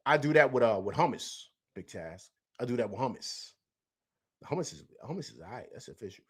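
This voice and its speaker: Husky new guy on a live stream, loose slangy chat, keeps repeating himself. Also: medium pitch, expressive, fairly quick.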